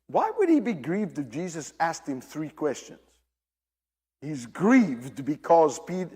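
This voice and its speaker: Animated preacher in an echoing hall. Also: male voice, on the high side, breathy edge. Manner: animated, repeats phrases, swings from hushed to loud. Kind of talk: sermon. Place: church service with a congregation.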